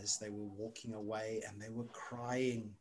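A woman's voice: rumbling low, moderate pace, background noise. A woman telling a story to children at church, stopping often to ask them questions. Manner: animated, asks the children questions.

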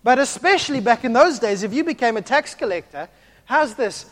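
Animated high-voiced preacher. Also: male voice, a little fast. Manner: animated, swings from hushed to loud, acts out voices. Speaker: pastor. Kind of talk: sermon.

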